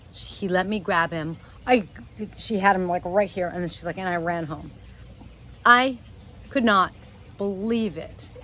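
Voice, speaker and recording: A middle-aged woman vlogging casually about her parrot, chatty and animated, sometimes talking to the bird. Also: mid-range voice, a little hiss or hum, low-quality recording. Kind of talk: casual storytelling vlog. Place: screened patio outdoors.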